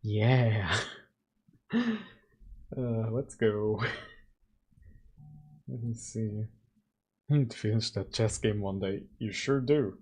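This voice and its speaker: A man's voice: lowish voice, fairly even intonation, extremely slow, pauses often, a little mellow, breathy edge. A middle-aged man hosting a casual livestream, laid-back and laughing often. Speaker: streamer and game developer.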